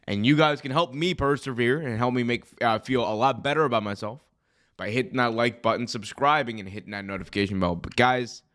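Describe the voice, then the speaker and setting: A young man who is hoarse from being sick, hosting a live wrestling commentary stream in a chatty, rambling way that often corrects itself. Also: mid-range voice, fairly quick, a bit bright. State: hoarse, recovering from illness. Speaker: wrestling show host.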